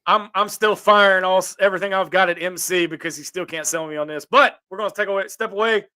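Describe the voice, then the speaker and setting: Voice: medium pitch, steady tone, quick pace, pushed and bright, no room sound. A sports talk show host giving blunt opinions, tripping over restarts when worked up.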